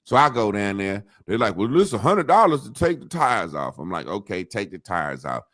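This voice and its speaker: A man's voice: lowish voice, a little fast, no room sound, clean studio sound. A man telling a long story in casual chat, swearing freely and acting out what others said. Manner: profane, animated storytelling, acts out quotes. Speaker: podcast co-host.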